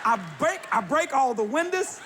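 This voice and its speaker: A man preaching, telling a funny story with laughter and bursts of shouting. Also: very high-pitched, normal speed. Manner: animated, laughing while telling, shouting at peaks. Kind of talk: humorous storytelling sermon. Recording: live audience with crowd noise.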